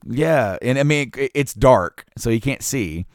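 A man in a casual chat who tells long stories in a halting, rambling way with many fillers. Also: medium pitch, animated, no room sound, studio quality.

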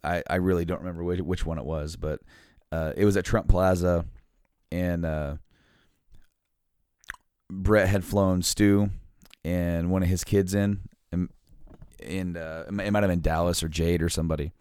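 A man with a lowish voice tells stories in a casual chat, halting and rambling with many fillers and restarts. The sound is dry and close to the mic. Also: fairly even intonation, a little mellow, clear, resonant tone, no echo.

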